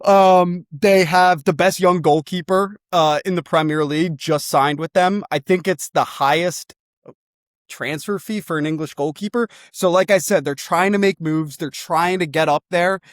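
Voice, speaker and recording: A young man co-hosting a comedy show, pitching a football club in a rambling, excitable way and swearing freely. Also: normal speed, no echo, studio quality.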